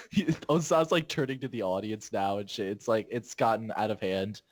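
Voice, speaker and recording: A man's voice: on the low side, animated, moderate pace. A man in his twenties, a podcast host, telling a rambling story in casual chat, laughing often and restarting his sentences.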